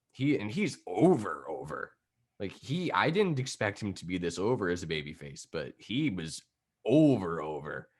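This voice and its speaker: A young man co-hosting a casual wrestling podcast, rambling excitedly and laughing often. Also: sits low. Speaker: podcast co-host.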